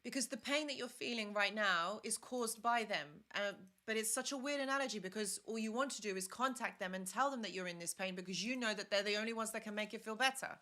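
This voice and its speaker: A woman's voice: medium pitch, quick pace, few pauses, pushed and bright. A young woman hosting a live stream, giving earnest, repetitive advice and stopping to thank viewers. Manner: earnest, repetitive, reads comments aloud. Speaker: live stream host, relationship advisor.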